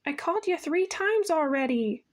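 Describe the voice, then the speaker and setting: A woman's voice: sits high, normal speed, lightly acted. A woman voicing a prissy, bossy little sister in an audiobook reading, with a pert, prissy manner.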